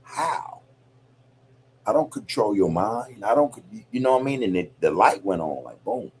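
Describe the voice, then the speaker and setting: Slight background noise surrounds a man hosting a podcast, his lowish voice a little mellow, brisk and lively in intonation. He talks in a reflective, loose, profane way, full of "you know, man."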